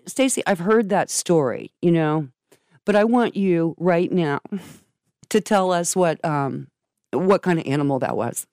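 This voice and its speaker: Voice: mid-range voice, unhurried, clean tone, no room sound. A podcast host guides a guest through a hard story. They respond with open, effusive sympathy. The recording is dry and close. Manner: warmly sympathetic, effusive reactions. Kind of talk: podcast interview.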